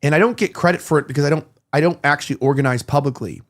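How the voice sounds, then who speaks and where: A man's voice: on the high side, rapid-fire. Rambling man telling stories. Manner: rambling storyteller, acting out quoted dialogue. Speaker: podcast host. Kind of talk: casual chat.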